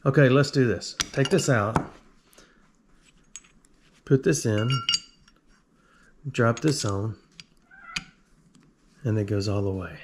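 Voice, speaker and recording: A man's voice: on the low side, takes it slowly, pauses often, noisy background. A man with a drawl, working on a tool and talking to himself in a joking, rambling way. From Alabama. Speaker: video host. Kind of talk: casual workshop tinkering talk.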